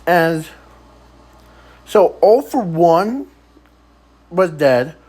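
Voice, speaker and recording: Very slow, rambling male storyteller. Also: fairly high pitch, lively intonation, a little mellow, poor audio. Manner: rambling and halting, trailing off with frequent fillers. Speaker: fan storyteller. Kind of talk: improvised fan story narration.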